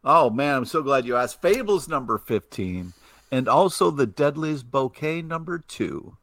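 A man's voice: medium pitch, big pitch swings, measured pace, fairly bright tone, dry recording. A man hosting a comics podcast, reading out trivia questions with playful jokey asides. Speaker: podcast host. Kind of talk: comics trivia segment, casual banter.

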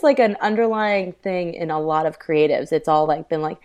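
A woman guest in casual podcast chat, reacting with exclamations and loud laughter. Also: fairly low pitch, level tone, brisk. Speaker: guest, makeup artist.

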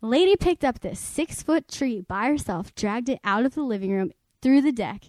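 A young woman from Connecticut telling a family story on a podcast, lively and full of fillers as she acts out the people she quotes. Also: on the high side, moderate pace, no echo, clean studio sound. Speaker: podcast guest. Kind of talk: casual storytelling chat.

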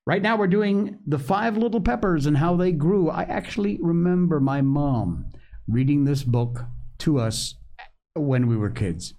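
A man hosting a show who reads an old children's book aloud in a lively, expressive storytelling manner. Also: a little high, unhurried. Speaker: podcast host reading a book aloud. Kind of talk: reading a children's classic aloud.

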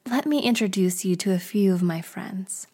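A woman voicing Fear, a panicking, sweating male figure, in a softly half-whispered story role-play. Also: mid-range voice, normal speed, natural voice. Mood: anxious.

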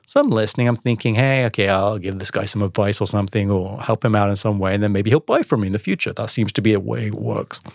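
Man, fast talker, lowish voice, animated storyteller, dry close sound. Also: vocal fry, dry recording. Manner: animated storyteller acting out dialogue. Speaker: podcast guest, entrepreneur. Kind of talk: casual storytelling interview.

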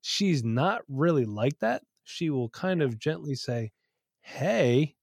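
A man's voice: fairly high pitch, lively intonation, measured pace, vocal fry, dry recording. A man co-hosting a podcast from his home studio, telling stories in a candid, profane, casual way. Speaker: podcast co-host. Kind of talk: casual chat.

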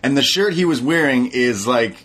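A man co-hosting a casual podcast, relaxed as he recaps matches and laughs along. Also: medium pitch, normal speed. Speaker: co-host, wrestling reviewer.

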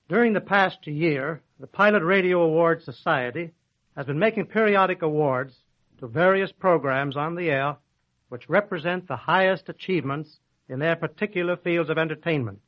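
A man giving a formal award presentation speech on old radio. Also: fairly high pitch. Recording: dull old radio recording.

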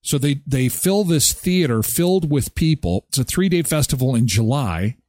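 Lively male host reacting to clips. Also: mid-range voice, moderate pace. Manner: animated, amused, thinking aloud. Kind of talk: casual commentary on videos.

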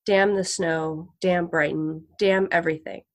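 Storybook tramp, male, fallen gentleman, grim and weary, read by a woman. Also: lowish voice, steady tone, measured pace, close to an everyday voice. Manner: grim, muttering to himself.

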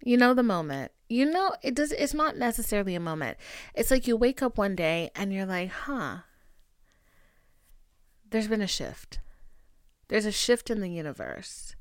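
Young female podcast host, casual and animated, acts out dialogue; dry, close sound. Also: mid-range voice, moderate pace, long pauses, smooth, no echo. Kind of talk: casual chat.

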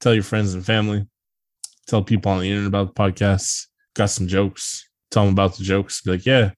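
A low-pitched man hosting a podcast, his talk loose, profane and full of laughter. The sound is dry and close, with no room around it. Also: darkish tone, no room sound. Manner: profane, jokey, laughs often. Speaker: podcast host. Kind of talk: casual comedic podcast banter.

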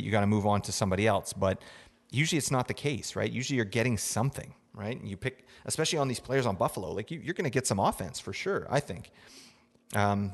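A young podcast host with a lowish voice offers casual fantasy hockey advice in a big-room sound, rambling with lots of fillers and tossing in "right?" often.

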